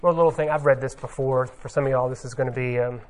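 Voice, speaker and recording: A man's voice: mid-range voice, fairly even intonation, fast. A man giving an informal sermon, talking conversationally with many ums and uhs as he retells a scene. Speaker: pastor.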